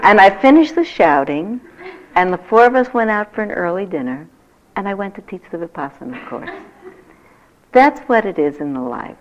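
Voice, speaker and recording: Older woman meditation teacher, fairly low voice, gentle reflective delivery, dull lo-fi recording. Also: brisk, slight background noise. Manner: gentle reflective teaching, lively when telling stories. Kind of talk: dharma talk.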